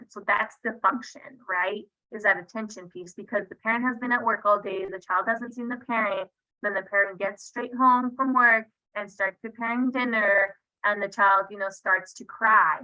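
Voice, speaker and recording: Over a video call on her computer mic, a woman runs an online parenting workshop, her medium-pitched voice pushed and bright, though the recording is muffled. She keeps things conversational and checks in with listeners often, asking "right?"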